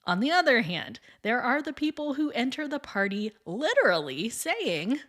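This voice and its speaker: A woman's voice: a little high, very animated, moderate pace, hardly any pauses, a bit bright. A woman hosting her own podcast in a scripted monologue, chatty and upbeat, with frequent light laughs. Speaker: podcast host and piano teacher.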